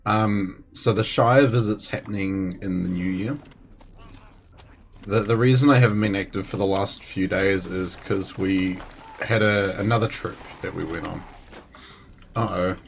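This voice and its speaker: A man's voice: low-pitched, steady tone, a little slow, gravelly, a little hiss or hum. A man streaming a game live, chatting casually with viewers between moves and chuckling now and then. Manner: chatty, chuckles, talks to viewers while playing.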